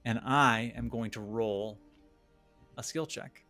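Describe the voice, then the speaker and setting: Guy running a tabletop game, slow storyteller voice, faint music behind. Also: mid-range voice, sharp tone. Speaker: game master.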